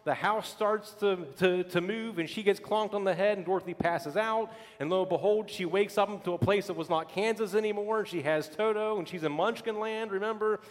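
Animated preacher man, high voice. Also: fairly quick, hardly any pauses, in a large hall. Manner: animated storytelling with emphatic repetition. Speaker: pastor. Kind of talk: sermon.

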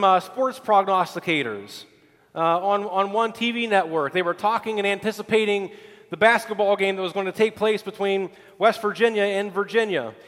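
High-voiced male pastor preaching in a reverberant hall. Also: a bit bright. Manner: preacherly, with repeated phrases and restarts. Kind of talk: sermon. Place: church sanctuary.

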